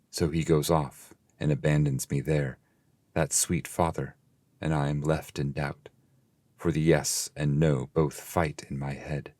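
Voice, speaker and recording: A man, the translator, narrating his verse translation in a steady, measured audiobook reading. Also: very deep voice, no echo. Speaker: translator and reader.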